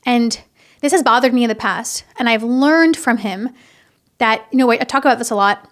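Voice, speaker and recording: A young woman hosting a casual, heartfelt podcast, talking earnestly and haltingly, with many restarts and fillers. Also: on the high side, a bit bright. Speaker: podcast host. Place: home in Florida.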